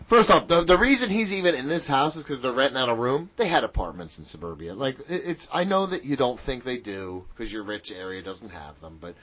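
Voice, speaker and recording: A man's voice: mid-range voice, sing-song, fairly quick, few pauses, dull audio. A man co-hosting a podcast, joking sarcastically and ranting in casual, profane chat. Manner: sarcastic, joking, rants loudly. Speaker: podcast co-host.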